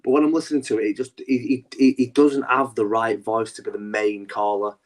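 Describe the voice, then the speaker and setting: A man's voice: medium pitch, level tone, fairly quick. A man co-hosting a wrestling podcast, talking animatedly in a rambling, casual way with lots of restarts. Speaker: podcast co-host.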